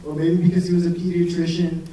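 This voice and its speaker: A man's voice: on the high side, monotone, fast, heavy background noise. A young man, a medical student, doing a rambling, profane stand-up set in front of a live audience. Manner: rambling, profane, self-deprecating storytelling. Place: comedy venue with live audience. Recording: roomy, distant live recording with crowd laughter. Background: audience laughing.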